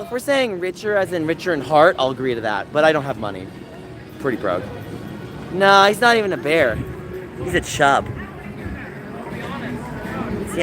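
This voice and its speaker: Animated sarcastic man streaming outdoors. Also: a little high. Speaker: livestreamer. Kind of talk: casual livestream chat. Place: outdoors in a busy public area. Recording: outdoor street noise with passing vehicles.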